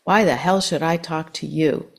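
A woman's voice: low-pitched, moderate pace, gravelly. A woman voicing a big, belligerent drunk laborer who roars and bellows his lines. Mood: roaring. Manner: roaring, bellowing.

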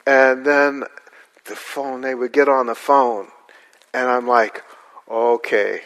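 A man telling a personal story to an audience in a halting, rambling way. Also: mid-range voice, level tone, fairly bright tone. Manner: halting, rambling, with restarts and fillers. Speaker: guest speaker. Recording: long hall reverb.

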